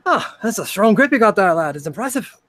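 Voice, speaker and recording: A man voicing a friendly, burly male dwarf mercenary who talks in a gruff, folksy brogue, as part of a tabletop role-play game. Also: sits high, sing-song, fast talker, a bit bright, dry recording, pitched above the performer's own voice. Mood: teasing. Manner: gruff folksy brogue, says aye and lad.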